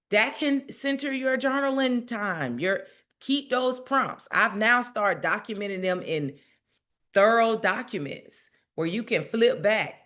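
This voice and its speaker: A woman's voice: on the low side, fairly bright tone. A woman hosting a casual spiritual livestream, chatting directly to her viewers and laughing often.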